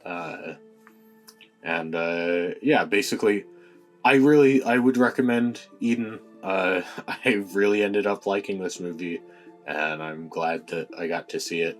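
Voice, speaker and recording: Male film reviewer, unhurried delivery, halting and filler-heavy, faint music underneath. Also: low-pitched. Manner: hesitant, many fillers and restarts. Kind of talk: casual spoken film review.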